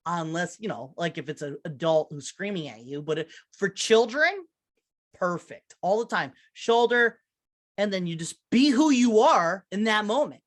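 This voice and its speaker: A woman co-hosting a podcast talks loosely and sprinkles in plenty of fillers and swear words. Her pitch swings up and down a lot as she talks, from a medium middle. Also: animated, normal speed. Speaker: podcast co-host. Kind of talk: casual chat.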